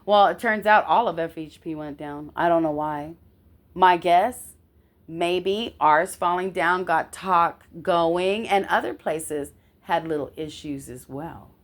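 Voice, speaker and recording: A woman's voice: on the low side, takes it slowly. A woman telling a personal story in a casual way, emphatic and indignant, swearing now and then and often checking in with her listener.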